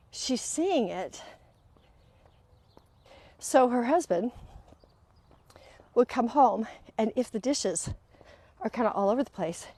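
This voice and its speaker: A woman with a slightly high voice talks through a coaching story, acting out the people she quotes as she goes. The sound is dry and close, with no room around it. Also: no echo. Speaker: host and coach. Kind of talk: walk and talk coaching monologue.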